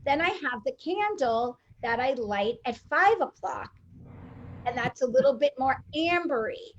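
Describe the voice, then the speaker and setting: A woman in casual conversation telling an animated personal story and acting out the dialogue. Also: high-pitched, a little slow, dull audio. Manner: animated, acts out quoted dialogue.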